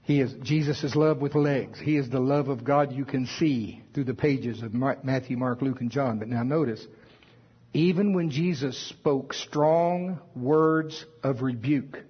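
A man's voice: medium pitch, unhurried, husky, lo-fi sound. A man preaching a sermon with emphasis, reading scripture aloud in old wording. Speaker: pastor.

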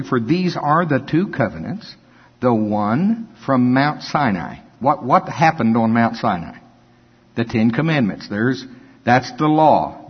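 An older man preaching a sermon, reading scripture and breaking into animated, folksy asides. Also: medium pitch, breathy edge. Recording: dull lo-fi with long hall reverb.

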